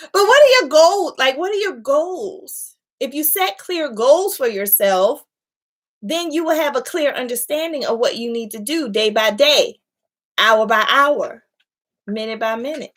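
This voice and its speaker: A woman success coach giving a casual live-stream talk, chatty and animated, calling her viewers y'all and laughing often. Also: high voice.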